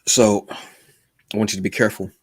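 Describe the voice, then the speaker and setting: A lower-voiced man co-hosting a casual podcast, full of jokes and banter. His voice is dry and close, with no room sound around it. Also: level tone, a little fast, breathy edge, no echo. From United States. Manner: playful and joking, calls his co-host "brother", turns earnest. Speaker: podcast co-host.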